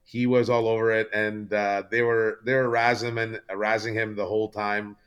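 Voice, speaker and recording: Man, low voice, rambling, filler-heavy, casual podcast guest, from canada. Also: flat delivery, normal speed, fairly bright tone, smooth, lo-fi sound. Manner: rambling storytelling with many fillers.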